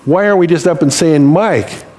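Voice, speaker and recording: Brief: male preacher, relaxed storyteller, self-mocking humor, plays out quotes. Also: medium pitch, measured pace. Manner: conversational, humorous, acts out quotes. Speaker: pastor. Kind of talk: sermon.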